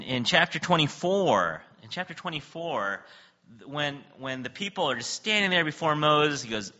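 Animated, forceful male preacher. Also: a little high. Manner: animated, laughs often, keeps asking "right?". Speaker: pastor. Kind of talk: sermon. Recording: dull lo-fi recording.

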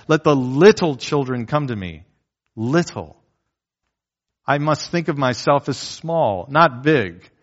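A man's voice: medium pitch, a bit bright. A man preaching a sermon as a pastor, earnestly laying out his points and repeating key phrases. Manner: earnest, repetitive teaching with enumerated points. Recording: dull lo-fi recording.

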